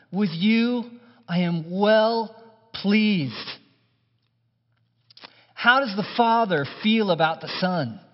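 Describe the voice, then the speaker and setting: A man preaching a sermon in an animated, conversational way, with touches of humor. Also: on the high side. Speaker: pastor. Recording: muffled hall recording with long reverb.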